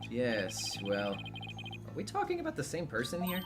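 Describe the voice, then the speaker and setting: A man's voice: mid-range voice, wildly swooping pitch. A man voicing an exasperated young defense lawyer in a plain, natural voice, with game music behind. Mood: flustered. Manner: exasperated, quick retorts.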